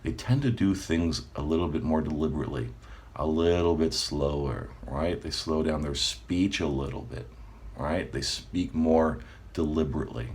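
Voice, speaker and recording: A man's voice: extremely low pitch, normal speed. A man talking casually as a coach, checking in with listeners often and laughing now and then. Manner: relaxed, conversational, frequent "right?" check-ins, laughs often. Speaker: manifestation coach. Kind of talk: casual talk to camera.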